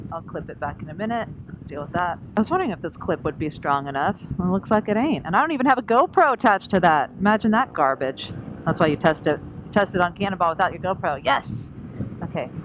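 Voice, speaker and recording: A chatty woman narrates a casual storytelling vlog from her scooter on the open road, animated and laughing as she acts out quotes. Her voice is on the lower side, and wind and engine noise come through.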